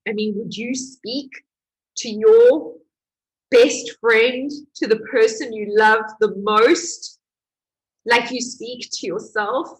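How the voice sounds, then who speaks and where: A woman's voice: a little high, steady tone, slow, husky, poor audio. A woman, a healing course coach giving a candid motivational talk, telling her story with emotion and confessional openness.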